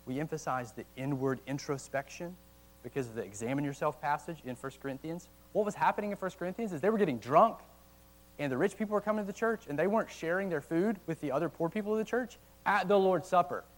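A man giving a casual, conversational sermon to young adults, animated at times and slowing down to read old quotes aloud. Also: on the high side, rough recording. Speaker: college ministry teacher. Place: church meeting room.

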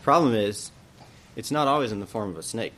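A man's voice: on the low side, expressive, a little fast, fairly bright tone, slight background noise. Man teaching a church Bible lesson. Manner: explanatory, thinking aloud with questions. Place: church classroom.

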